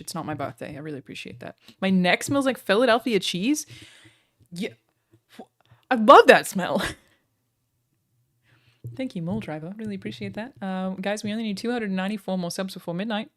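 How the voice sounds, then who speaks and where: A woman's voice: medium pitch, fairly quick. An Australian woman livestreamer chatting casually with her viewers, joking and self-deprecating.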